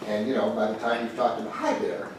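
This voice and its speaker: A man's voice: on the low side, fast talker. A male pastor telling a joke-filled story to a group and bantering with his listeners. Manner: joking, animated storyteller, chats with the audience. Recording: echoey room from a distant mic with faint noise.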